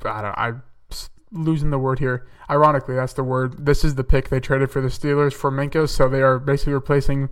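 A young man chats his way through football picks in a level, even tone, pausing on fillers and correcting himself as he goes. His voice is smooth and clear but sits a little back from the microphone. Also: mid-range voice, recorded from a distance. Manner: chatty, thinks aloud with fillers and self-corrections. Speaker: podcast host. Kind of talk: casual solo mock-draft commentary.

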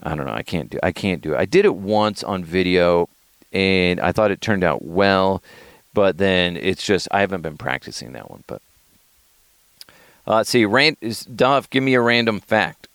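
A man's voice: deep voice, lively intonation, normal speed, a bit bright, clear, resonant tone, dry recording. A man hosting a comedy podcast, rambling and self-deprecating with profanity. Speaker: podcast host. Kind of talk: casual comedic podcast chat.

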